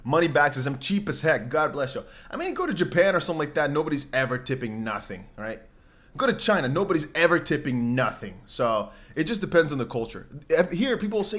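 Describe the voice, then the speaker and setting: Animated young man chatting on a livestream. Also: fairly high pitch, fast talker. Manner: animated, rambling, jumps into mock voices and exclamations. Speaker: crypto livestream host. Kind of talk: casual livestream chat, reading viewer comments.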